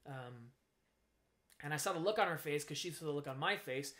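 A man's voice: on the high side, fairly quick. A man in an interview, candidly telling a personal story and acting out what people said. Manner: animated, acts out quoted voices, frank. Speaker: guest sharing his story.

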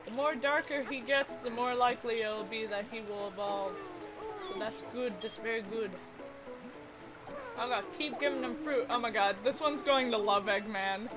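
A woman giving excitable, giggly let's play commentary, talking to the game characters as she plays. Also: fairly high pitch, rough recording. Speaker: gaming video creator. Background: game music.

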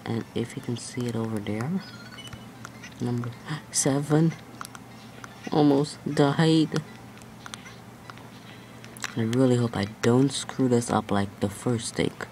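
A woman's voice: rumbling low, slow pace, long pauses, dark tone, slight background noise. A woman casually chatting and rambling to herself while playing a video game. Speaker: gameplay commentator. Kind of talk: casual let's-play commentary.

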